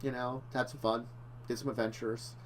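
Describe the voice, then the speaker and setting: A man's voice: medium pitch, flat delivery, normal speed, slight background noise. A man co-hosting a casual talk show, rambling and correcting himself, laughing often. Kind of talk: casual chat.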